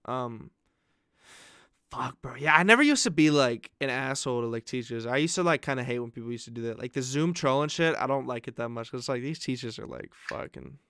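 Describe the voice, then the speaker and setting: Animated and slightly quick, this young man's medium-pitched voice sounds pushed, bright and clean, captured in a clean studio with no room sound. Co-hosting a podcast, he swears freely while telling stories and acting out others' lines.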